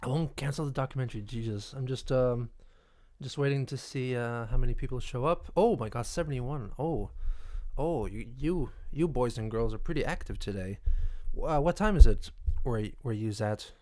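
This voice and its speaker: A man's voice: mid-range voice, normal speed, warm tone. A man hosting a casual live stream, rambling and stammering as he reacts to the chat. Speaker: livestream host.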